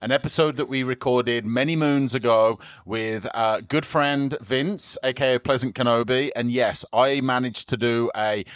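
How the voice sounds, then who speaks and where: A man's voice: mid-range voice, steady tone, normal speed, hardly any pauses, clear, resonant tone, dry recording, studio quality. A man with an English accent co-hosting a casual podcast, goofy and self-deprecating, rambling a little. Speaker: podcast co-host.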